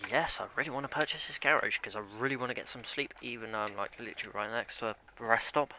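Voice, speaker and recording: A man's voice: medium pitch, fast talker, bright, forceful tone, a little hiss or hum. A young man chatting casually and rambling as he streams a game, grumbling at it along the way. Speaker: live streamer.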